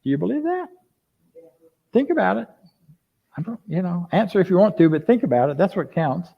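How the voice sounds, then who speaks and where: An older man preaching a conversational sermon as a minister, lively and full of rhetorical questions to his congregation. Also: sits high, brisk, creaky. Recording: dull lo-fi sound.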